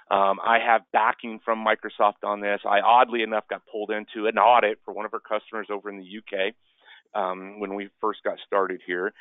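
A man with a fairly low voice talks through a webinar in a loose, chatty way, ending line after line with "right?". The sound is dry and tinny, squeezed through a phone line. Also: dry recording. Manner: chatty, peppers speech with "right?". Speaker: webinar presenter. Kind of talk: casual webinar presentation.

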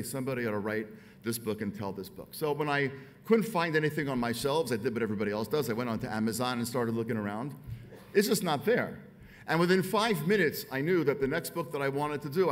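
A middle-aged American man, an author, giving an emphatic speech to a dinner audience, building his points through rhetorical repetition. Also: medium pitch. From United States.

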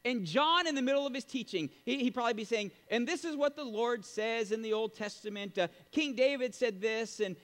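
A man preaching a sermon as pastor, emphatic and animated, with sudden loud exclamations. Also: extremely high pitch, brisk, few pauses, big-room sound.

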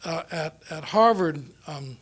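A man's voice: on the high side, slow pace, fairly bright tone, slightly rough. A middle-aged man from New Zealand with a New Zealand accent, giving an after-dinner foreign policy talk as a guest speaker, rambling and self-deprecating as he tells anecdotes. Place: lecture room or dinner venue.

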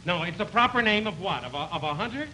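Contestant, man, high and lively voice, eager guesser, hissy vintage TV sound. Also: fast talker, low-quality recording. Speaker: game show contestant. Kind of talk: shouting out charade guesses. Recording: hissy old TV broadcast recording.

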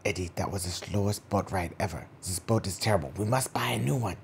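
A man's voice: low-pitched, brisk, vocal fry, a little hiss or hum. A man voicing a pompous male mad scientist in a bedtime story, bossy and declaring plans.

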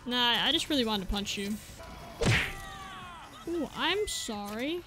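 A woman's voice: a little high, animated, slow, heavy background noise. A woman playing a video game, chatting and joking at the characters on screen as she plays. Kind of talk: casual let's-play commentary. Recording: game music behind voice.

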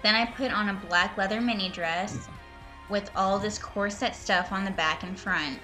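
A woman's voice: mid-range voice, steady tone, moderate pace, bright, forceful tone, soft background music. A woman reading a fanfiction aloud and breaking off into sarcastic, profane commentary. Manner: sarcastic, profane, exasperated asides. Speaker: reader and commentator.

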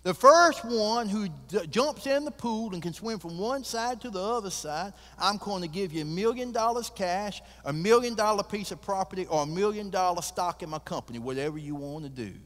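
Booming, boastful billionaire voiced by a preacher, high and loud, church reverb. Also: male voice, expressive, moderate pace, hardly any pauses. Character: boastful flamboyant Texan billionaire man.

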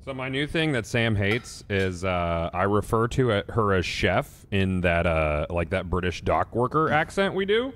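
A man's voice: on the low side, big pitch swings, unhurried, few pauses, a bit bright. A man hosting a game stream, joking playfully and talking to his chat. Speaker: streamer host. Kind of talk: casual gaming chat.

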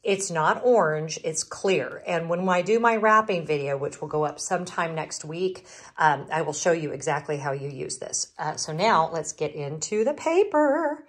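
A middle-aged woman with a light Southern US drawl talks through her shopping finds in a relaxed vlog. Her voice sits somewhat low, and she rambles, restarting sentences and wandering off on asides. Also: normal speed, breathy edge. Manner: rambling, self-interrupting. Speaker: vlogger. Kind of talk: casual vlog chat.

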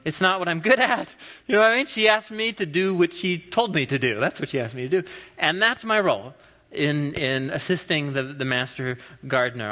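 A man's voice: fairly high pitch, moderate pace. A man in his thirties from the US Pacific Northwest, preaching a casual, joking sermon in a church. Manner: animated, joking storyteller. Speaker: pastor. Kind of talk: conversational sermon. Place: church sanctuary. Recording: long reverb of a large hall.

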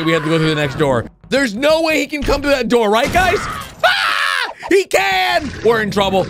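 A man giving excitable reaction commentary to cartoons, exclaiming and shouting often. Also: high voice, noisy background. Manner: exclaiming, frequent shouts and laughs. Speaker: video reactor. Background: cartoon music and sound effects.

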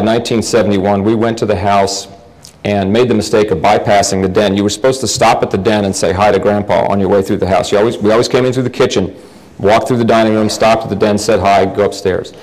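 A man's voice: lowish voice, steady tone, a little fast, a little mellow, rough recording. A middle-aged man from the United States giving a lecture, telling family anecdotes with wry humor and frequent restarts. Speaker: guest lecturer.

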